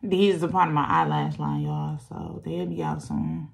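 A woman's voice: rumbling low, sing-song, unhurried, creaky, roomy sound. A young woman, telling a sassy, slangy storytime while doing her makeup at home. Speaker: vlogger. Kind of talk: casual storytime chat.

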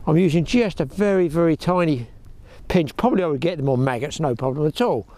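Chatty angler talking to camera. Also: male voice, on the high side, lively intonation, fairly quick, darkish tone. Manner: chatty, talks to viewers as "people" and "boys". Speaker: fishing vlogger. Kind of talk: casual commentary to camera. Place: outdoors at a lake bank, windy. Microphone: clip-on mic with lead.

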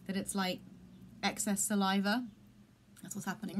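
A woman's voice: medium pitch, little pitch movement, normal speed. Rambling woman vlogging at home. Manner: rambling, self-deprecating, squeamish. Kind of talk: casual vlog chat. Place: home room.

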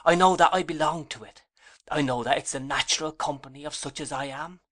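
A man's voice: a little high, fairly quick, a bit bright, voice pushed up. A man reading an audiobook voices a despairing young woman by a river, speaking passionately in anguish.

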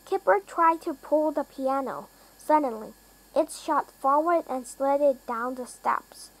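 A woman reading a children's storybook aloud, careful and deliberate. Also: high-pitched, poor audio. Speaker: reader.

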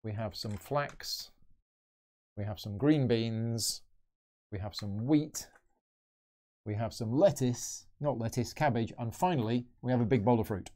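Mellow-voiced man thinking aloud. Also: mid-range voice, unhurried, long pauses. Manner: chatty, thinking aloud while moving pieces. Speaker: board game channel host. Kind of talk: live solo board game playthrough commentary.

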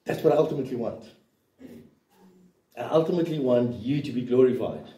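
A man's voice: mid-range voice, lively intonation, a little fast, warm tone. A man preaching a sermon as a pastor, emphatic and full of rhetorical questions. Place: church hall. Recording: echoey room, voice from a distance.

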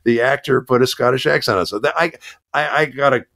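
A man's voice: mid-range voice, a little fast, gravelly. An older man, a voice actor, chatting casually in an interview and telling stories with many fillers. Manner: relaxed storytelling with many fillers. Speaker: voice actor guest.

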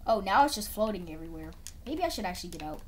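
A woman's voice: medium pitch, very animated, racing, slight background noise. A woman casually talking her way through a video game, chatty and repeating herself as things happen. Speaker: gameplay video creator. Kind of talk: casual gameplay commentary.

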